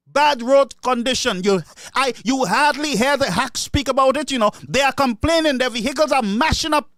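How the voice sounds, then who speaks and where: Caribbean guy, really high voice, fired up and ranting about politics, dry close sound. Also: moderate pace, a bit bright, no echo. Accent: Caribbean English. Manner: indignant, ranting, repeats himself. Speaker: political commentator. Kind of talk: solo opinion monologue.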